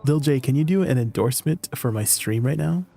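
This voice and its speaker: A man's voice: medium pitch, animated, brisk, gravelly, dark tone, husky, soft background music. A man chatting casually to viewers on a live game stream, laughing often and joking around.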